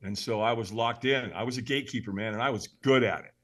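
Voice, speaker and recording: A middle-aged man telling stories as a podcast guest, animated and emphatic. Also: medium pitch, quick pace. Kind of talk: storytelling in an interview.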